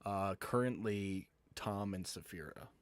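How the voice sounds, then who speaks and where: A man narrating a tabletop game as game master, relaxed and casual, over an online call. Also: low voice, unhurried, clean tone, dry recording.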